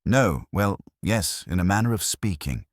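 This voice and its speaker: A man's voice: deep voice, sing-song, a little slow, no room sound, studio quality, pitched above the performer's own voice, heavily acted. A man reading a nervous, breathless businessman who stammers his denials.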